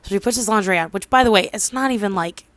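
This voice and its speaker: A woman's voice: medium pitch, very fast, a bit bright, no room sound. A woman in her twenties casually recapping a drama, rambling with lots of fillers and losing track of details. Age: 20s. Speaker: drama reviewer.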